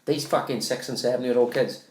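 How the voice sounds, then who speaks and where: A Welsh man co-hosts a casual podcast and tells long, rambling stories that are full of swearing. His voice sits at a middling pitch, and the room around him is echoey. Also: brisk, a little mellow, a little hiss or hum. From Wales. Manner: swears freely, rambling storyteller. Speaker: podcast co-host. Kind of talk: casual banter.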